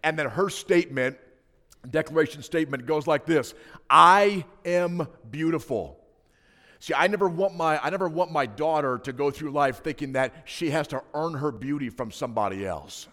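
A man's voice: fairly high pitch, a little fast. A man in his thirties, a pastor giving a sermon, telling personal stories in a conversational way with asides to the congregation. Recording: preaching in a reverberant hall.

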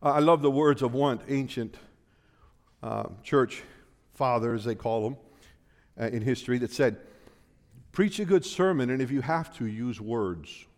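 Slow, emphatic preacher in a reverberant hall. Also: male voice, expressive. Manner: slow, emphatic preaching that swells louder and higher, then drops low. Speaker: pastor. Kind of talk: sermon.

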